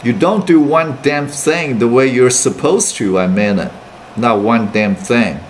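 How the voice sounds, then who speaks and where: A man reading aloud and voicing an irritable, conceited teenage boy roommate who swears gruffly. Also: mid-range voice, a little slow, a little hiss or hum, close to an everyday voice, poor audio. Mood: furious. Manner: gruff, swearing, exasperated retorts.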